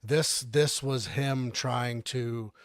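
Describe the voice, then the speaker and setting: A man's voice: medium pitch, steady tone, extremely slow. A man co-hosting a casual film podcast, rambling with many fillers and restarts as he explains. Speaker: podcast co-host. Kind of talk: casual chat.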